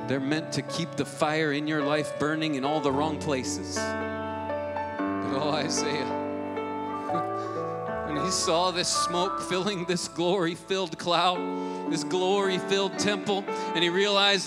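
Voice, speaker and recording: A man preaching a sermon as lead pastor, moving from a family story to forceful exhortation. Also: a little high, fairly even intonation, takes it slowly. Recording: long hall reverb with loud music beneath. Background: loud guitar music.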